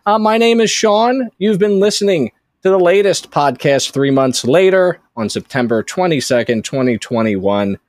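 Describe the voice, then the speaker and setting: A man's voice: fairly high pitch, animated, moderate pace, no echo, studio quality. A man hosting a casual podcast chat, talking chattily with lots of fillers and frequent laughs. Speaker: podcast host.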